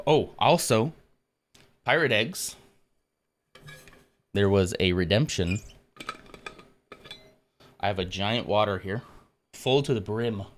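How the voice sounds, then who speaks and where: A man's voice: lowish voice, animated, slow pace, pauses often, slight background noise. A man hosting a casual live stream, chatting with viewers and out of breath from exercise. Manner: chatty, self-mocking, greets viewers by name. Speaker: livestream host.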